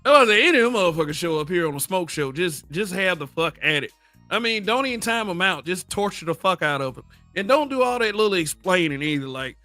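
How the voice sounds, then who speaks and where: A middle-aged man with a Southern accent holds forth on a livestream, blunt and full of profanity, laughing at his own points as he answers his chat. His voice sits a little high and sounds bright and forceful. The sound is dry and close, with faint music underneath. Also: big pitch swings, fairly quick, no echo. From American South. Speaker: livestream host. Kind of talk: casual livestream commentary.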